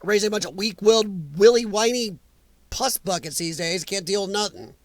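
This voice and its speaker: A man's voice: high voice, moderate pace, no room sound. A man hosting a casual live stream, ranting bluntly with strong opinions while reading viewer comments.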